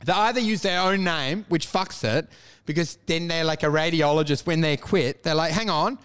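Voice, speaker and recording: A man's voice: fairly high pitch, normal speed, fairly bright tone, clear, resonant tone. A man co-hosting a casual comedy chat, riffing playfully, swearing, laughing through his lines and singing silly jingles. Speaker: podcast co-host.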